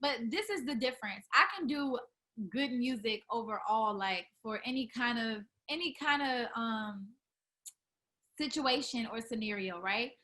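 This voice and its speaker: A woman's voice: a little high, measured pace, sharp tone. A young woman who sings R&B, chatting casually in an interview, full of fillers and restarts. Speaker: R&B singer, interview guest.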